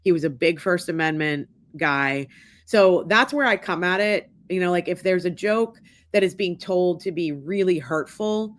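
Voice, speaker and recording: A woman in her forties with a fairly low voice, telling a long personal story as a podcast co-host. She animates the dialogue as she recounts it. The sound is dry and close. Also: moderate pace, dry recording. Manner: animated storyteller, acts out quotes. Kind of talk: casual chat.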